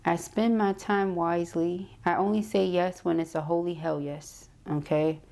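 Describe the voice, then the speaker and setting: A woman giving a tarot card reading, reading card messages aloud and explaining them, ending many phrases with a quick "okay?". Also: fairly low pitch, fairly even intonation, creaky, a little mellow. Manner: reads card messages aloud then interprets. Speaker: tarot reader.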